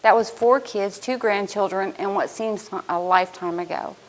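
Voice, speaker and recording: A woman in her fifties stands to give a prepared speech as a student speaker. Her voice sits in a middle pitch, and she tells her own story in an earnest, heartfelt way. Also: moderate pace, poor audio. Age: 50s.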